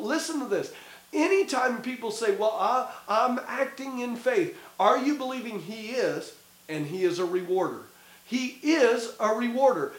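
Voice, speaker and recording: Emphatic high-voiced pastor in echoey room. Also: male voice. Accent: Midwestern American. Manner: emphatic, repeats key words for stress. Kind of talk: short video Bible teaching.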